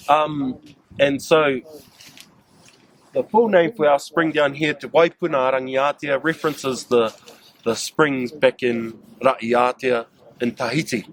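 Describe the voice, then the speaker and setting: A man's voice: medium pitch, slow pace, pauses often. A man with a New Zealand accent guiding a staff group, telling them about local sites and often asking them questions. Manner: engaging, asks the group questions. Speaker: cultural guide leading staff. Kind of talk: outdoor cultural site talk to a group.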